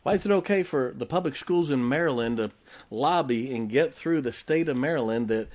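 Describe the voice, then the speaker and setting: A man's voice: medium pitch, lively intonation, brisk, a little mellow. A man preaching a sermon as pastor, emphatic, with rhetorical questions, joking asides and check-ins with the congregation.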